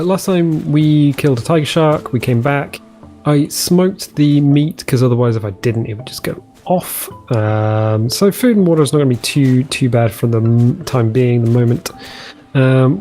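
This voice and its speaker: A man's voice: mid-range voice, expressive, moderate pace, warm tone, soft background music. A man giving casual, chatty commentary over his own gameplay, easily delighted and trailing off mid-sentence as he explores. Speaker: let's play host.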